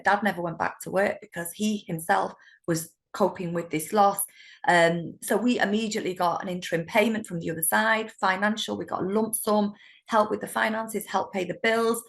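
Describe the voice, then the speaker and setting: A middle-aged woman with a British accent, a solicitor telling stories in an interview, animated and laughing often. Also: mid-range voice, gravelly. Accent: British English. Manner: warm, animated storytelling with laughs. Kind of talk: conversational interview.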